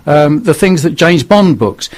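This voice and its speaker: A man's voice: a little high, expressive, a little slow, a little mellow. Older northern English man, blunt storyteller. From northern England. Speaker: radio guest. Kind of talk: testimony on radio.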